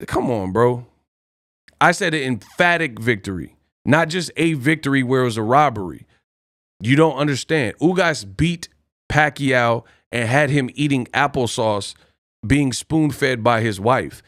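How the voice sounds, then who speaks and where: A man's voice: medium pitch, expressive, a little slow, a bit bright, dry recording, clean studio sound. A man hosting a boxing live stream, ranting boastfully and taunting his chat with repeated challenges. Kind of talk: heated live stream rant.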